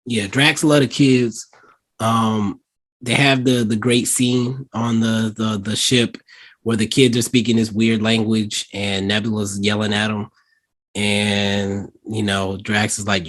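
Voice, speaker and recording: Husky-voiced man chatting casually. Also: on the low side, measured pace. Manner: animated storytelling, acts out lines in quotes. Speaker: podcast co-host. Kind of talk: casual chat.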